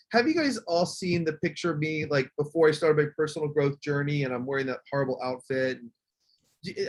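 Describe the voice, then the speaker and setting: Husky, high-voiced man telling stories. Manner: animated storytelling, acts out quotes. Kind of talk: casual group video call chat.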